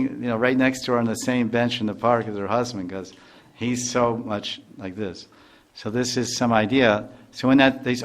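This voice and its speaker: A man's voice: medium pitch, fairly even intonation, moderate pace. An older man, a spiritual teacher, giving a devotional lecture in a loose, conversational way with many asides and restarts.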